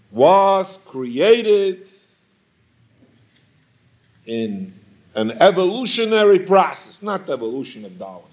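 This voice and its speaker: A man's voice: on the high side, a little mellow. A man teaching a Torah lecture, posing questions and repeating phrases for emphasis. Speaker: rabbi teaching Talmud.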